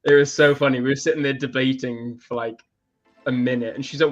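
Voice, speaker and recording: Animated, laughing man telling stories. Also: medium pitch, fairly quick, dull audio. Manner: animated storyteller, laughs often. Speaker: co-host. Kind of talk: casual chat. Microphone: video call or stream setup.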